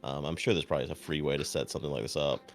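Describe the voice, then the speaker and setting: Over faint, soft music, a low-voiced streamer tells a long story very fast in casual chat. He's deadpan and swears a lot, acting out the voices of everyone in the tale.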